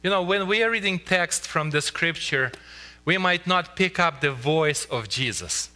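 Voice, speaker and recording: Man, pastor, sermon in church; earnest, pleading, slows for emphasis; very bright tone. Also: fairly high pitch, expressive. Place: church sanctuary.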